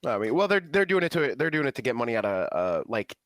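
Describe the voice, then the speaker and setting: Animated, joking man on a podcast. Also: medium pitch, fast, no echo. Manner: stammering, jokey, laughs often. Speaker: podcast co-host. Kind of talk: casual chat.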